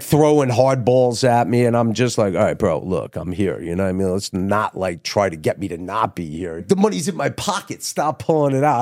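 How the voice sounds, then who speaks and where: Middle-aged guy rambling thru a story, swears a lot, kinda low voice, dry close sound. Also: darkish tone, no echo. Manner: rambling, profane, acts out quoted voices. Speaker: guest, TV writer and producer. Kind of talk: casual storytelling interview.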